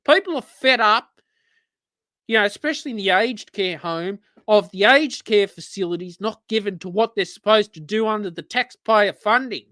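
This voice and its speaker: A man's voice: high-pitched, moderate pace, pushed and bright, dry recording. Ranting, exasperated Australian man. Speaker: host of an online radio-style show. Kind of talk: live-streamed solo rant.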